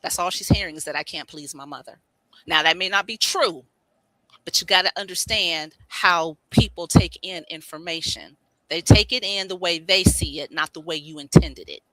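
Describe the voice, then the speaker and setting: A woman's voice: lowish voice, normal speed, fairly bright tone, dry recording, low-quality recording. A woman in her fifties, a life coach on a panel, explaining insistently. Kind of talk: casual panel discussion.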